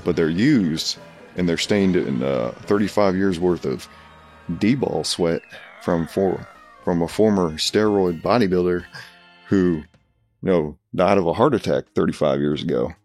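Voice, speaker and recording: A man doing a comedic impression of a raspy, boastful older male pro wrestler who rambles through a tall tale full of restarts. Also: low voice, measured pace, darkish tone, faint music behind. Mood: rambling. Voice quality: raspy, gravelly.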